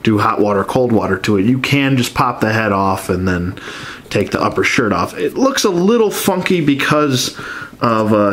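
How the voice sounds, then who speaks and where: Low-voiced stuffed-up man reviewing toys. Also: a bit bright. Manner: easygoing, conversational. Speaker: toy collector reviewer. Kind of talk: casual toy review.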